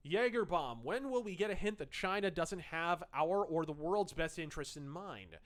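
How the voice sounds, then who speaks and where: A man's voice: on the high side, animated, normal speed. A man hosting a livestream, reading chat messages aloud and commenting in a snarky, profane, sarcastic way.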